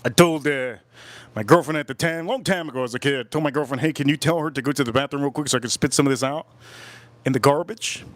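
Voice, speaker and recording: A middle-aged man hosts a casual livestream outdoors at a backyard grill, chatting and acting out both sides of his stories. His voice is medium-pitched and fast, with no echo.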